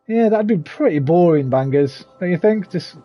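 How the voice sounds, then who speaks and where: With soft music behind him and a muffled recording, a gaming streamer chats casually with viewers while he plays. His high voice has lively intonation at a moderate pace, and he swears freely while greeting people by name.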